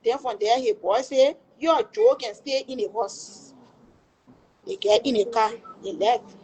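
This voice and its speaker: Woman, Liberian English accent, middle-aged, high voice, emotional storytelling, acts out quoted lines. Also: a little slow, darkish tone, slightly rough, poor audio. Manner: acts out quoted dialogue, exclamations like "oh" and "ah". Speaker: storyteller recounting a family tragedy.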